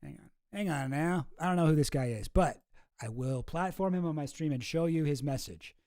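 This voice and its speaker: A man's voice: a little high, normal speed, warm tone, no room sound, clean studio sound. A man streaming, casually reacting to clips with sarcastic, rambling commentary and many restarts.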